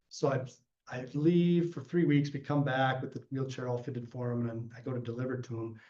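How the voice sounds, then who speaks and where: A man's voice: mid-range voice, a little fast. A man giving a guest lecture who tells stories from his work animatedly, acting out the people in them, with frequent restarts. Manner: animated storyteller, acts out quoted voices, frequent restarts. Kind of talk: storytelling during lecture Q&A. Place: lecture room. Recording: roomy, dull lecture-room recording.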